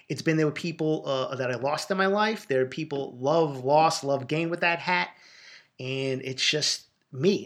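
A man with a thick Boston accent hosting a podcast, answering listener questions in a raw, emotional, profane way and talking quickly from the heart. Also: mid-range voice, fairly bright tone. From Boston, USA. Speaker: podcast host. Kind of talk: casual podcast Q&A monologue.

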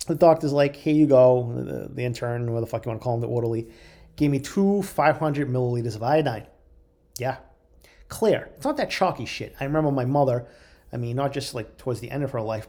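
A man telling a long personal story in a casual, profane way, acting out the people in it. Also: mid-range voice. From Italian heritage, US. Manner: profane, animated, quotes others in voices.

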